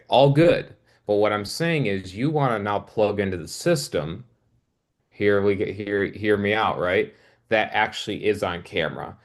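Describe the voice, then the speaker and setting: A man presenting a business opportunity on a casual group video call, halting and restarting his sentences. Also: fairly low pitch.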